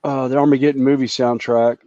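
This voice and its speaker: A man's voice: mid-range voice, little pitch movement, brisk, warm tone, slight background noise. A man rambling through a casual anecdote on a group video call, with lots of fillers and restarts. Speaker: hobby group member. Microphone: video call microphone. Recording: dull, dry video-call audio.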